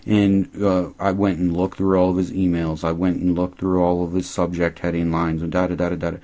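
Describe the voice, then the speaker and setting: A man's voice: low-pitched, level tone, fairly quick, warm tone. A man giving a rambling, sarcastic, profane recap of a TV episode. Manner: sarcastic, rambling, swears a lot.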